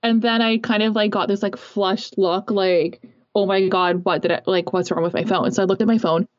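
A woman's voice: mid-range voice, fairly even intonation, normal speed, no room sound. A young woman telling a personal story in a casual, rambling way, full of fillers. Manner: chatty, rambling, many fillers. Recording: dull lo-fi recording.

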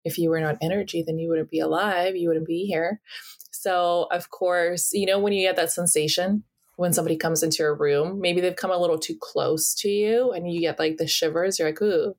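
Woman, podcast co-host, casual chat, animated, low-pitched. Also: fairly quick. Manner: animated, acts out quoted reactions, laughs.

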